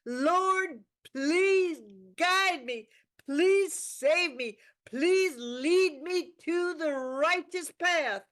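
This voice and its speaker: A woman playing a fervent Southern preacher man, crying out to God in a pleading, drawn-out way. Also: very high voice, fairly bright tone, pitched above the performer's own voice, exaggerated voice. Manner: impassioned, pleading, drawn-out cries.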